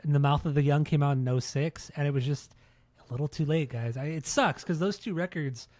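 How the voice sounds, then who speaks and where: A man's voice: fairly high pitch, brisk, darkish tone, no room sound. Rambling, profane man in his thirties. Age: 30s. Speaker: podcast host. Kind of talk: casual podcast chat.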